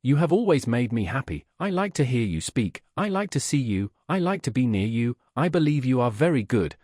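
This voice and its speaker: A man reading the part of a shy, earnest young woman who speaks softly and slowly and slips into French. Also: mid-range voice, no echo, clean studio sound. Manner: soft, slow, hesitant; mixes French phrases into English. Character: young woman, shy earnest lace-mender turned teacher.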